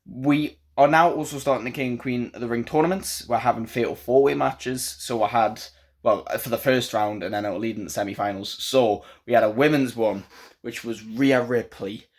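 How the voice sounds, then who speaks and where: Man, mid-pitched voice, casual spoken review, opinionated, ranting, lots of fillers. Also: moderate pace. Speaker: wrestling show reviewer.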